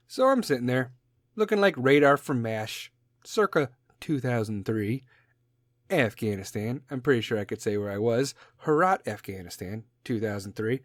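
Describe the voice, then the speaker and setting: A man's voice: mid-range voice, lively intonation, normal speed, dry recording, studio quality. A man in his forties with a Chicago accent, hosting a podcast in a profane, rambling, jokey rant. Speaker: podcast host. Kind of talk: casual rant.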